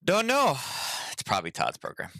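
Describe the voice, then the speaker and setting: A man's voice: high-pitched, huge pitch swings, normal speed, vocal fry, pushed and bright. A man hosting a casual trading livestream from his home desk, chatting loosely with lots of fillers. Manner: rambling, chatty, many fillers. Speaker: trading stream host.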